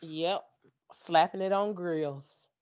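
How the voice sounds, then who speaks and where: A woman co-hosting a podcast, talking casually in a slow, playful way. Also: fairly low pitch, a little mellow. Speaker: podcast co-host.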